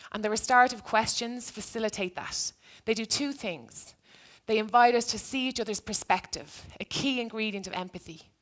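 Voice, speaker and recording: Woman giving a talk, earnest and reflective, mid pitch, telling a story from her teaching days. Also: a bit bright. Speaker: speaker, former teacher. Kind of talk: live storytelling talk to an audience.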